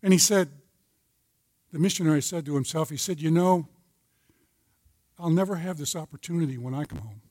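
A man's voice: on the high side, fairly quick, pauses often, a little mellow, no room sound. A retired older man teaching a men's Bible study, telling a folksy story and citing scripture. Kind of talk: sermon-style teaching.

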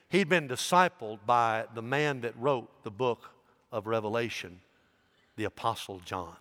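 A man's voice: mid-range voice, unhurried, fairly bright tone. A man, a pastor preaching a sermon as he tells a story, with rising emphasis. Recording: long reverb in a large hall.

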